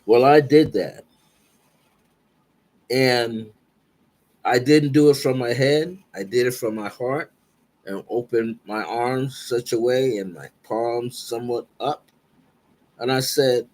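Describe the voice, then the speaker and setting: Man for spiritual storytelling, reflective and earnest, with an unhurried delivery. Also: mid-range voice, a little mellow. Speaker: guest speaker.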